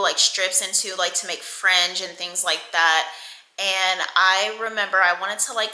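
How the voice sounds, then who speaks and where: A woman in her twenties telling a casual storytime, chatty and animated, swearing and laughing a lot. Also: lowish voice. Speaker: vlogger. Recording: echoey room.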